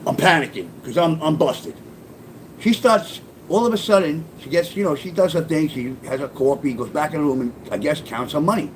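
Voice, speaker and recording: A middle-aged man with a fairly high voice talks a little fast as he casually tells a profane story from his own life, acting out people's lines with animation. The memoir-style storytelling comes through poor audio with a little hiss or hum.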